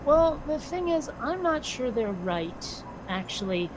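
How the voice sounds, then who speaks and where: An American woman co-hosting a casual chat, blunt and quick to swear. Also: sits high, very animated. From United States. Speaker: podcast co-host. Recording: noisy background.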